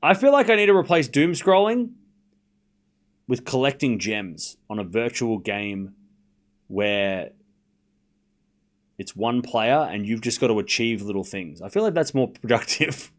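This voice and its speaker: A young man hosting a live tennis watchalong stream, chatting casually and excitedly repeating the score as points are played. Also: mid-range voice, measured pace, pauses often. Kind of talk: live casual play-by-play commentary.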